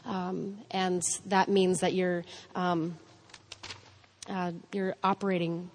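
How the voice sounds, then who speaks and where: Woman, 30s, lowish voice, casual faith and parenting talk, self-deprecating, rambling. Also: level tone, takes it slowly, slight background noise. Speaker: mother and speaker on parenting.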